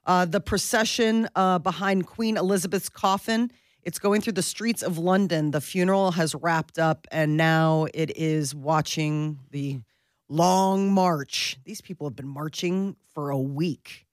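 A lower-pitched woman hosting morning radio, talking loosely and chattily and laughing easily. The recording is dry and close, with no room sound at all. Her delivery stays relaxed and informal. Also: measured pace, no echo. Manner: chatty, lots of "like" and restarts, laughs often. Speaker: morning show co-host reading news. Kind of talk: casual morning radio chat.

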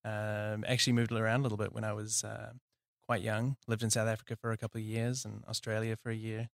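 A man with a New Zealand accent speaks in a gravelly, flat tone, telling his story with plenty of ums and easy laughs. The sound is close and dry, with no room around it. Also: lowish voice, fast, no room sound. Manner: relaxed, laughs easily, many fillers. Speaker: company founder, guest. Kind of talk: casual interview.

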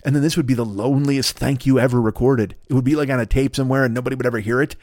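A man's voice: medium pitch, steady tone, racing, darkish tone, dry recording, studio quality. A man in his fifties hosting a podcast, rambling through a comedic solo monologue, swearing freely and jumping into exaggerated mock voices. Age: 50s. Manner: profane, riffing, self-deprecating, leaps into exaggerated mock voices. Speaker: podcast host.

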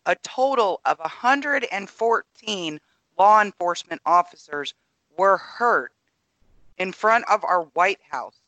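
A woman with a bright, tense tone co-hosting a podcast, recorded close and dry. She speaks steadily and measuredly, laying out figures one by one in casual political chat. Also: mid-range voice, lively intonation, slow, no room sound, low-quality recording. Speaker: podcast co-host.

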